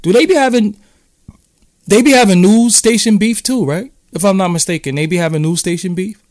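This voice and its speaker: A man's voice: high-pitched, brisk, darkish tone, no room sound, studio quality. A man from Brooklyn with a New York accent, rambling in casual, profane street talk as he hosts a live-stream chat. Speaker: podcast host.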